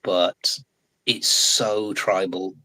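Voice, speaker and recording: An English man in his forties, a guest in a casual live chat, talking in a chatty, animated way and laughing often. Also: low-pitched, drawn-out words, poor audio. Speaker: guest actor.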